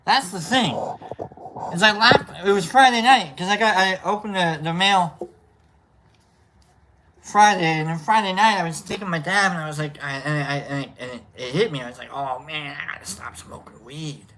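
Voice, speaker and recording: A woman's voice: on the low side, normal speed, fairly bright tone, slight background noise. A woman hosting a casual solo stream, rambling and playful, often repeating herself. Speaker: host.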